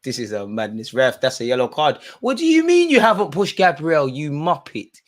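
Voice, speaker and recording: A man's voice: on the high side, wildly swooping pitch, normal speed. A young man hosting a live football watch-along, ranting at the referee and swearing, full of street slang. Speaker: streamer.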